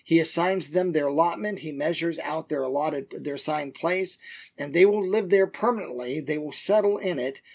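Man, Bible teacher, slightly high voice, conversational, frequent fillers, slow scripture reading. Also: creaky, darkish tone, slightly rough. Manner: reads scripture passages slowly and deliberately.

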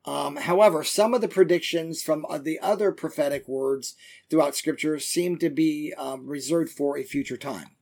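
A man teaching verse by verse through a Bible book, talking conversationally with many fillers and reading the passages slowly. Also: a little high, vocal fry, a little mellow. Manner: reads scripture passages slowly and deliberately.

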